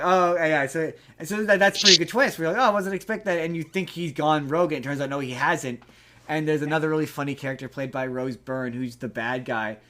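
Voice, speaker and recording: A man hosting a podcast, chatting casually about a movie in a rambling, animated way with lots of restarts and swearing. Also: mid-range voice. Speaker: podcast host. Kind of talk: casual movie review chat.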